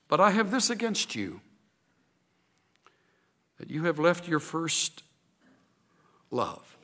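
A man preaching a sermon, emphatic and expressive, building to strong points. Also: medium pitch, big-room sound.

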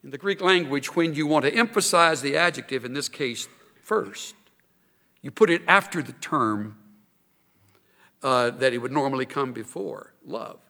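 A man preaching a sermon, emphatic and expressive, building to strong points. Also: mid-range voice, normal speed, gravelly, long reverb tail.

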